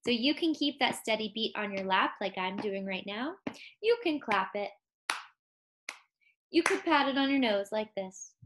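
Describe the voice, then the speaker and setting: A young woman teaching a recorded music lesson to kindergarteners, speaking slowly and clearly, coaching them and singing simple songs. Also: fairly high pitch, expressive, background noise. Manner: slow, clear and encouraging, speaking to young children; sings simple songs and gives call-and-response prompts.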